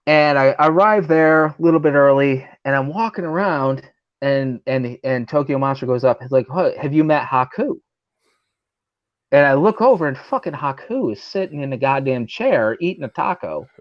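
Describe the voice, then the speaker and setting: A man's voice: medium pitch, lively intonation, normal speed, highs cut off. A man who works as a pro wrestler, guesting on a talk show and telling a rambling, profane story full of fillers while acting out the people he quotes. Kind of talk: casual storytelling over drinks.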